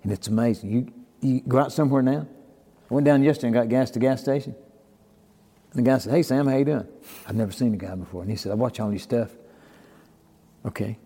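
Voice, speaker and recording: An older man chats in a relaxed, folksy way, acting out the people in his stories. His voice is dark and mellow. The room rings with a long echo. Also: mid-range voice, fast, long pauses, breathy edge. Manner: folksy storyteller, acts out quoted dialogue. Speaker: podcast guest. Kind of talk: casual storytelling.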